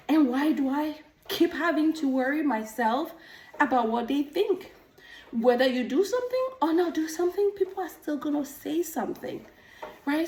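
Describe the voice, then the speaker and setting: A woman with a high voice talks straight to the camera in a casual vlog. She tells her stories with lively energy and a slight breathlessness from pedaling an exercise bike. The sound is roomy and echoey, picked up from a mic set a little way off. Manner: animated storytelling, acts out quoted voices. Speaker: nurse practitioner and coach. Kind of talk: casual talking-head vlog. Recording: echoey room, mic at a distance.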